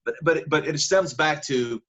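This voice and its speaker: Husky-voiced man telling his story. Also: on the high side, a little slow, a bit bright. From Northern California. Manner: emphatic, repeats words for stress. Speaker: podcast guest. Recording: dull lo-fi audio.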